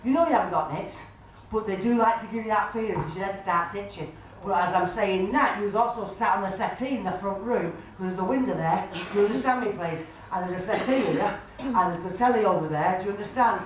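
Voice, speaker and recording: A woman's voice: mid-range voice, a little fast. Echoey far-off woman medium. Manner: keeps asking "do you understand, please?"; chatty, homely, addresses the sitter as love and sweetheart. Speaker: spiritualist medium. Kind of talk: live mediumship reading to an audience. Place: club function room. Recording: very echoey room, far mic, faint noise.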